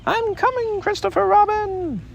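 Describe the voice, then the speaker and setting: A man voicing a tiny baby male kangaroo who squeaks with wild excitement. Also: measured pace, gravelly, slight background noise, full character voice. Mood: excited.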